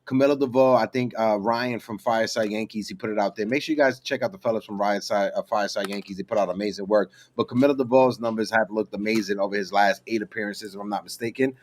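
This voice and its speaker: A man's voice: fairly low pitch, quick pace, hardly any pauses. A man hosting a casual sports podcast, talking in a loose, joking way. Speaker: host.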